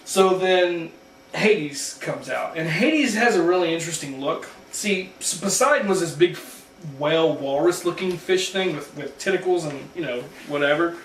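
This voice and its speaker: A man's voice: fairly high pitch, moderate pace, slight background noise. Casual man recapping a comic, echoey room. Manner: loose storytelling with filler words and restarts. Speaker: comic book show host. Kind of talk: casual retelling of a comic story. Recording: echoey room, mic at a distance.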